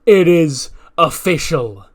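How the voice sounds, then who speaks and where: A man voicing a stern male wrestling general manager, announcing a match with slow, drawn-out dramatic delivery. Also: on the high side, expressive, voice pushed up. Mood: commanding.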